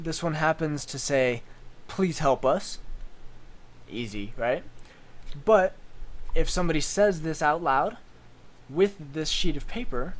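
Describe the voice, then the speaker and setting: A man, the game master, casually recapping a tabletop campaign with lots of ums. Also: a little high. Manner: relaxed, filler-laden storytelling.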